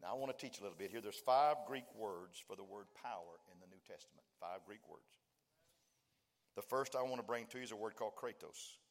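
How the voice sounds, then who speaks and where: This preacher's voice is lowish and gravelly, and he moves briskly through his sermon. Folksy joking asides to the congregation give way to rising, fervent declarations, and he acts out dialogue as he builds toward impassioned shouting.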